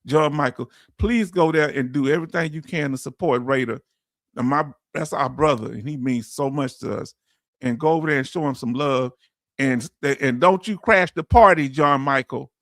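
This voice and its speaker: A man's voice: mid-range voice, moderate pace, a bit bright, dry recording, studio quality. A man hosting a casual livestream, reading viewer comments aloud and calling his audience family in a heartfelt, emotional way.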